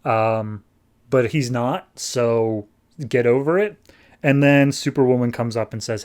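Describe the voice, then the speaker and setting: A man's voice: mid-range voice, measured pace, a little mellow, smooth. Chatty, wry male podcast host. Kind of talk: casual comic book recap.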